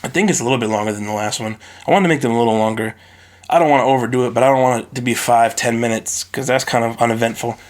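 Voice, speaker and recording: A man's voice: medium pitch, rapid-fire. Man ranting on a phone-recorded podcast. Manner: animated, profane, ranting. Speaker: podcast host. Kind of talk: solo podcast rant.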